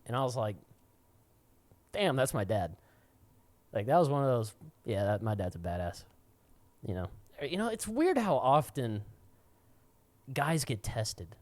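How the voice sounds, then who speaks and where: A man's voice: mid-range voice, big pitch swings, normal speed, long pauses, a little mellow, no room sound. A young man co-hosting a podcast, telling a crude, rambling story with frequent laughs. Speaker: podcast co-host. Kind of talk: casual storytelling.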